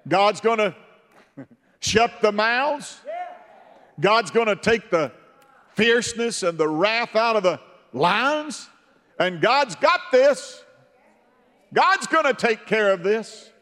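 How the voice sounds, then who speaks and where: A man's voice: high-pitched, expressive, slow, pauses often, fairly bright tone, long reverb tail, pitched above the performer's own voice, full character voice. A preacher playing a serene, sure male prophet. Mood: fervent. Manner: fervent, reassuring.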